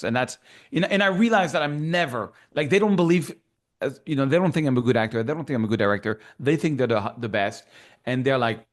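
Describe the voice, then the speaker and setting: A man's voice: medium pitch, fast talker. A man with a French accent, a guest in a casual interview, telling his story with animation and acting out remembered dialogue. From France.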